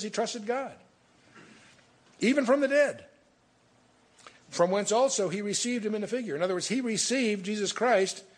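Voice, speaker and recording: Slightly high-pitched male Bible teacher. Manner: reads scripture aloud, then explains it with asides and restarts.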